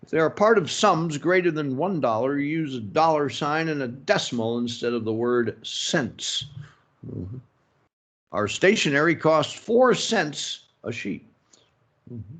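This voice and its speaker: A man teaching a business English lecture, slow and halting, filling pauses with "mm-hmm" and "okay" and adding opinionated asides. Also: fairly high pitch, expressive, fairly bright tone. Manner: slow, halting, many fillers and self-talk like "mm-hmm" and "okay". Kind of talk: recorded lecture.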